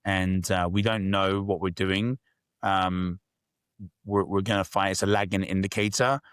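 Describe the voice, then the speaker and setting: A man's voice: deep voice, level tone, measured pace, fairly bright tone, clear, resonant tone, dry recording, clean studio sound. A man, talking as a podcast guest in a candid, reflective way. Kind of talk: casual interview storytelling.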